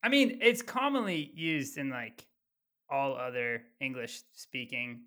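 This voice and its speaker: Bright-voiced man chatting casually. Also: medium pitch, unhurried. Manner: joking, tries silly accents. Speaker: podcast co-host. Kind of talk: casual chat.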